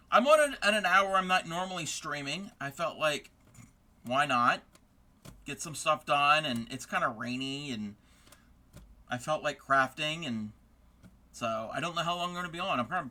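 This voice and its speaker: A man's voice: a little high, sharp tone. A man chatting casually with his live-stream viewers as he crafts, rambling and friendly. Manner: rambling, friendly, talks to chat between tasks. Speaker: live-streaming fiber artist.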